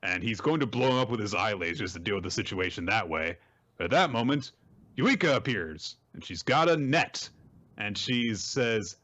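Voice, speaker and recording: A man recapping manga chapters on a podcast, animated and casual, slipping into silly voices for quotes. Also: fairly low pitch, normal speed, muffled recording.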